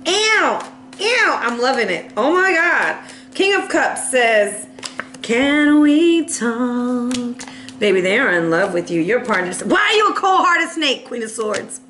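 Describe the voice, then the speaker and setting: High-voiced playful woman reading tarot. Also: very animated, moderate pace, bright, forceful tone, echoey room, slight background noise. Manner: playful, laughing, acts out little voices. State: coughing now and then. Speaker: tarot reader.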